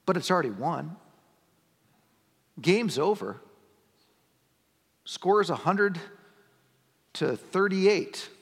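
A middle-aged man preaching a sermon as pastor, talking conversationally and building to emphatic, near-shouted points. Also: high voice, big pitch swings, slow, long pauses, breathy edge. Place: church sanctuary. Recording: long church-hall reverb.

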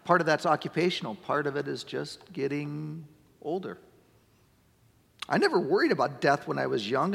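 Gravelly high-voiced preacher in a reverberant church. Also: male voice. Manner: conversational preaching that swells to emphatic shouts. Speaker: pastor. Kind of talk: sermon. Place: church sanctuary. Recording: long church-hall reverb.

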